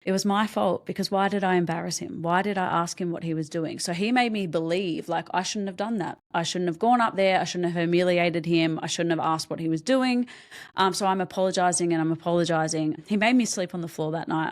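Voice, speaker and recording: A young adult woman speaking as a podcast guest, telling her own story in a lowish voice. She talks candidly and haltingly, stopping to restart her sentences and filling pauses with ums. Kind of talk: personal story told in an interview.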